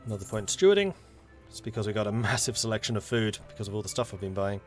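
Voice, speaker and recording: A man's voice: fairly low pitch, very animated, fast, soft background music. A man chatting casually and thinking aloud as he plays a video game, poking fun at himself. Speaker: gaming YouTuber. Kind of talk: casual gameplay commentary.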